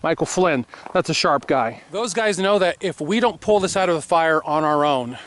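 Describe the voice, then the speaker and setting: Middle-aged male vlogger, higher-pitched, impassioned outdoor rant with sudden drops to a hush. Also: lively intonation, normal speed. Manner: swings from shouting to hushed apologies. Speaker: firearms accessory maker and vlogger. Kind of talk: impassioned political monologue to camera.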